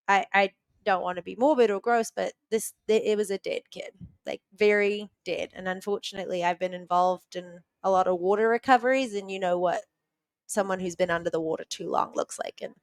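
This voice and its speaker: Podcast guest, female; clear resonant voice, dry close sound, conversational storyteller. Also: medium pitch, steady tone, normal speed, no echo. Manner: vivid retelling, frequent "like" fillers.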